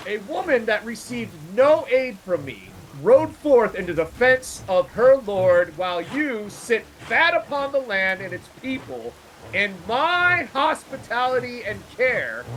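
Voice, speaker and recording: A man plays a stern lord in a tabletop game and delivers commanding, declamatory speeches. His voice is fairly high and swings widely in pitch. Faint rain can be heard behind him. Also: a bit bright, a little hiss or hum, rough recording. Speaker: player. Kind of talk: in-character role-play as a stern lord.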